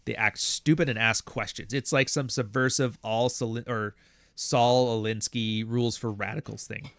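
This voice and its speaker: A man's voice: mid-range voice, steady tone, normal speed, a bit bright, dry recording. Blunt, profane man hosting a livestream. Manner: blunt, profane, rambling, acts out other people's voices. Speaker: livestream host reading super chats. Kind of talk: casual live-stream talk.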